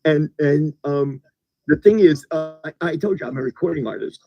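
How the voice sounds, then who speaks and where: A man from the United States, a guest in a casual conversation, who talks haltingly and repeats words as he starts his sentences. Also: fairly high pitch, faint music behind. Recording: dull lo-fi recording.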